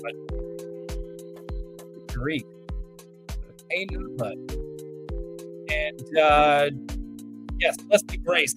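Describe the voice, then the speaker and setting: A man's voice: fairly high pitch, lively intonation, extremely slow, long pauses, loud music behind the voice. A man co-hosting a casual live stream, rambling and apologetic as he fumbles with the tech. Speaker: podcast co-host.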